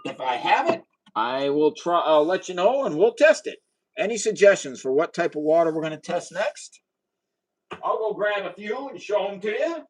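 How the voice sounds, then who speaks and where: A chatty, excitable man running a live chemistry demo and talking straight to his viewers. His voice sits a bit high for a man and swings widely in pitch, and he drifts from the mic now and then as he moves around his bench. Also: normal speed, low-quality recording. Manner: chatty and excitable, talks to viewers, cheers at results. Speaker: livestream host doing chemistry experiments. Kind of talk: casual live science demo.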